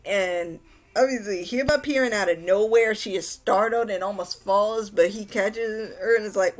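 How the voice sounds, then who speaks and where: A woman's voice: medium pitch, normal speed. A young woman giving a casual anime recap, rambling and exasperated, with frequent restarts. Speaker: anime reviewer.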